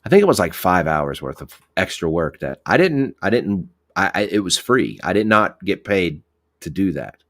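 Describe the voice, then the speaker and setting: Deep-voiced cop rambling. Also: male voice, sing-song, moderate pace. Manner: rambling, profane, many restarts. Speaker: police officer. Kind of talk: casual podcast storytelling.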